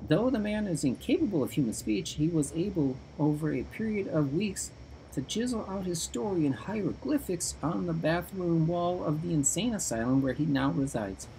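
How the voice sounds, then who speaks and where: A man voicing a scrawny, nervous schoolboy who reads aloud in a high, shaky voice. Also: animated, moderate pace, dark tone, slight background noise, poor audio. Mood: nervous reading. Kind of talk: audiobook reading.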